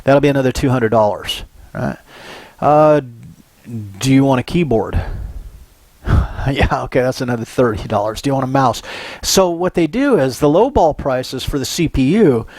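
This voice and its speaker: Older man, psychology lecturer, lively storytelling, dry close sound. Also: mid-range voice, no echo. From Southern California. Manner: anecdotal and animated, often checks in with "right?". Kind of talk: recorded university lecture.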